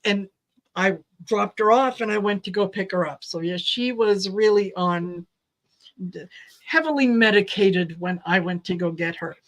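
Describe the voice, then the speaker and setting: A woman from Canada co-hosting a casual chat, telling a relaxed anecdote. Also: mid-range voice, measured pace. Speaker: co-host.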